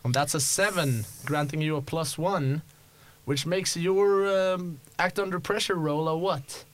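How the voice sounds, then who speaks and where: A man narrates a tabletop game as its game master in a slightly higher voice. He talks slowly and easily, with plenty of fillers along the way. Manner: relaxed, filler-laden narration.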